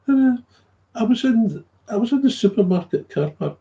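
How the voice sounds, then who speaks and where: A man in a casual, rambling monologue about his recovery, repeating himself and chuckling often. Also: very high voice. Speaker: recovering alcoholic sharing his story. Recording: dull lo-fi recording.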